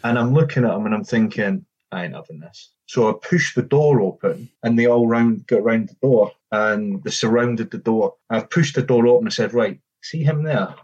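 A man's voice: lowish voice, moderate pace, few pauses, darkish tone, breathy edge, dull audio. A middle-aged man and former footballer telling a casual anecdote, acting out the quoted dialogue with frequent restarts.

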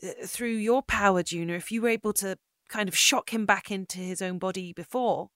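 A woman's voice: medium pitch, a little fast, fairly bright tone, dry recording. Earnest woman player, dry sound. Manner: earnest, suggesting ideas. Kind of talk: casual tabletop play.

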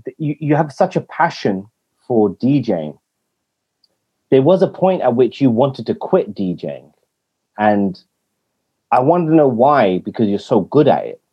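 A man's voice: mid-range voice, sing-song, a little slow, long pauses, mellow, breathy edge. A man co-hosting a podcast who asks questions earnestly and repeats words as he starts his thoughts. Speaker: podcast co-host. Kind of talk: casual podcast interview. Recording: dull lo-fi sound.

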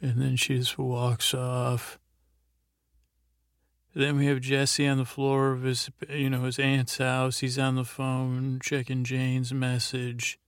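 A man's voice: mid-range voice, monotone, takes it slowly, dry recording, clean studio sound. A man hosting a bedtime podcast, rambling through a meandering, drowsy recap meant to lull listeners to sleep. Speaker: podcast host.

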